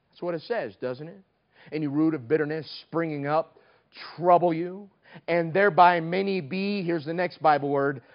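Guy preaching, high voice, gets loud then drops real quiet, kinda muffled recording. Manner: dynamic, swings from loud to hushed. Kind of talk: sermon.

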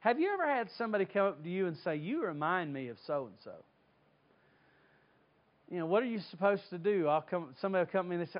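A man from North Carolina, preaching a sermon and telling stories with lively acted-out voices. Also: sits high, quick pace, highs cut off. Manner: animated storytelling, acts out voices. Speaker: pastor.

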